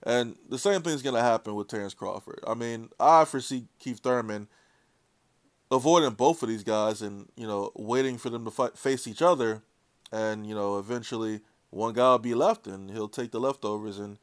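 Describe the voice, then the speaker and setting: A man's voice: mid-range voice, normal speed, dry recording. A man ranting about boxing in a blunt, sarcastic, heated way. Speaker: boxing commentator. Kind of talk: opinionated rant.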